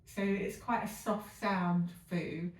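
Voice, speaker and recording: A woman teaching a singing lesson, explaining calmly with frequent ums and demonstrating exercises herself. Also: on the low side, normal speed. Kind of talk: vocal technique lesson with sung demonstrations. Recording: echoey room, voice a bit far from the mic, piano faintly behind.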